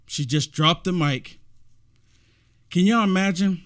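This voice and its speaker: A man's voice: high voice, slow pace, fairly bright tone. A man giving emphatic, repetitive reaction commentary on a video clip.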